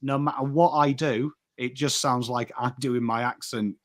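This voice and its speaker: An English man co-hosting a casual football chat, animated and rambling, often restarting his sentences. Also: medium pitch, moderate pace. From England. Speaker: co-host.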